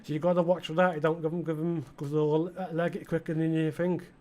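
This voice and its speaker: A man's voice: fairly high pitch, little pitch movement, a little fast, mellow, slight background noise. Chatty East Midlands man, rambling. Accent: East Midlands English. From English Midlands. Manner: rambling, chatty, full of fillers, talks to game customers. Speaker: gaming channel host. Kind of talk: casual let's-play commentary.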